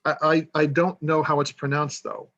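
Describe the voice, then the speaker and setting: A man's voice: a little high, flat delivery, normal speed, a bit bright, highs cut off. A man talking casually on a podcast as an author guest, rambling and self-deprecating as he tells stories.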